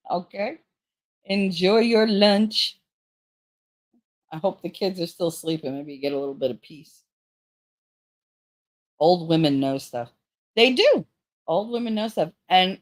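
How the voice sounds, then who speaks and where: A woman's voice: on the low side, a little mellow. Woman, middle-aged, casual livestream chat, profane, laughs often. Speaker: livestream host.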